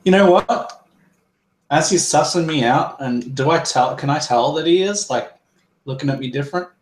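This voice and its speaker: A man's voice: a little high, normal speed. A man playing a tabletop game, thinking aloud and describing his character's actions. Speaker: player. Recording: echoey room.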